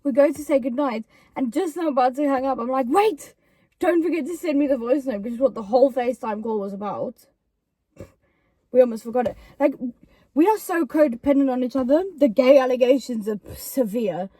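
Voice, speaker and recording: A woman's voice: high voice, brisk, dark tone, no room sound. A young woman telling stories about her friend in a casual chat, quoting her in put-on voices. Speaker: YouTuber co-host.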